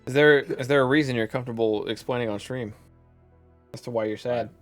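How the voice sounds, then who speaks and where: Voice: mid-range voice, a little fast, faint music behind. A stream host chatting casually and throwing in wry one-liners.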